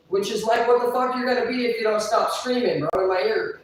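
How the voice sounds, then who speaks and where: A woman's voice: on the high side, a little fast. Profane rambling woman in an echoey room. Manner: profane, rambling, swears constantly. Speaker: livestreamer. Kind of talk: casual livestream storytelling. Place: indoors, live stream. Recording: roomy echo, distant mic.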